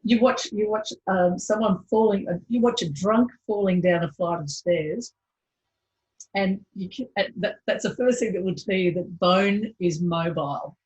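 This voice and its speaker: A woman's voice: mid-range voice, normal speed, a little mellow, dull audio. Chatty Australian woman interviewer. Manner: friendly, chatty, laughs easily. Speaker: host, interviewer. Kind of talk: casual interview chat.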